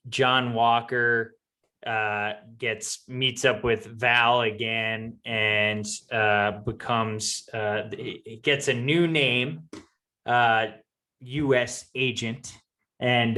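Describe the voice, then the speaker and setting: A man co-hosting a podcast, recapping in a halting way with many fillers. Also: mid-range voice, fairly even intonation, pushed and bright. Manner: halting, full of ums and uhs, recapping. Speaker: podcast co-host. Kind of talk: casual chat.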